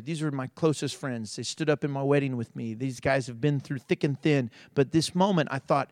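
A man preaching a sermon as pastor, swinging between loud emphasis and hushed storytelling. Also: medium pitch, normal speed, few pauses, dry recording, studio quality.

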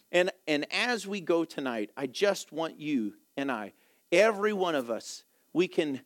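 Lively male Bible teacher with a high, dry voice who jokes at his own expense. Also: dry recording. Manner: animated, laughs often, self-deprecating. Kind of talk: sermon-style Bible teaching with slides.

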